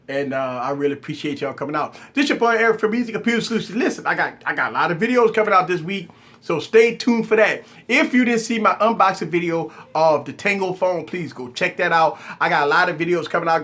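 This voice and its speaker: A man hosting a tech channel live stream in casual, playful chat, laughing often as he talks. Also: fairly high pitch. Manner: giggly, laughs often while talking; loose, playful and excitable.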